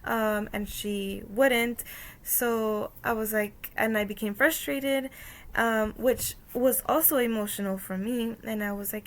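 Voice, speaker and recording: A young woman talks through a story from her job in a relaxed, casual way, full of "um" and "like". Her mid-pitched voice has a gravelly, creaky edge. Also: a little slow. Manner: many "um" fillers and "like", storytelling with quoted dialogue. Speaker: student presenting a course activity. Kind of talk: casual spoken reflection.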